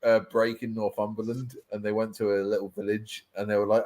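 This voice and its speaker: A man chatting casually over drinks, telling stories in an animated way and laughing often. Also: fairly low pitch, fairly quick. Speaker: guest.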